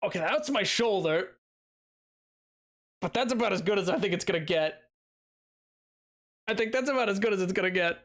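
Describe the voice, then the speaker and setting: A man's voice: sits high, lively intonation, normal speed, long pauses, fairly bright tone. A young man chatting casually while streaming a game, self-mocking and laughing often. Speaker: gaming streamer.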